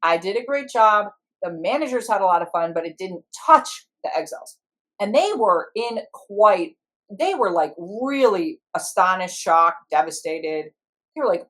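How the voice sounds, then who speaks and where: Middle-aged woman, IFS practitioner, talks animated and expressive, does little voices for her parts. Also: mid-range voice, normal speed. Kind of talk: animated storytelling in conversation.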